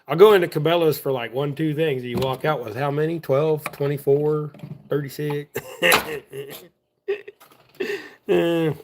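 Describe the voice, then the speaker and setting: Easygoing man, slightly high voice. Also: fairly even intonation, a little slow, long pauses, a little hiss or hum. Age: adult. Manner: chatty, drawling, easygoing, talks while working with his hands. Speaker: livestream host. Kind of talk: casual rambling livestream chat.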